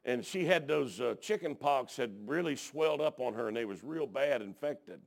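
A man preaching a folksy sermon, telling stories and dropping frequent amens, swinging from hushed to shouting. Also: medium pitch, animated, normal speed, gravelly.

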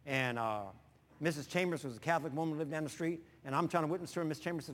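A man pastor preaching through folksy personal stories, animated and prone to sudden loud bursts. His voice sits fairly high. The long reverb of a large hall trails each phrase. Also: fast talker.

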